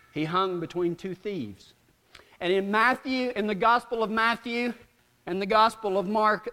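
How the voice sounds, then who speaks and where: A man's voice: sits high, a bit bright, long reverb tail. A man preaching a sermon, animatedly acting out both sides of an argument as he tells the story.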